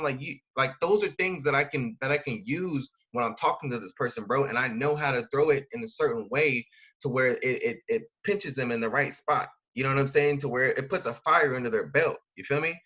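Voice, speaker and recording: Guy talking quick and slangy, bright edgy voice, dull lo-fi audio. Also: mid-range voice. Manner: slangy, filler-heavy, keeps asking "right?". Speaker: network marketing recruiter. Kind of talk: casual coaching talk. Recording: dull lo-fi sound.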